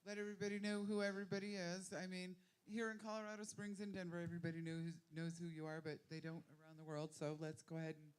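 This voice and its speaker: A woman hosting a live music broadcast from a venue, chatty and excitable, chatting casually with a band. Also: lowish voice, fast, hardly any pauses, clear, resonant tone. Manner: chatty, excitable, self-deprecating. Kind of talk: casual live on-air chat.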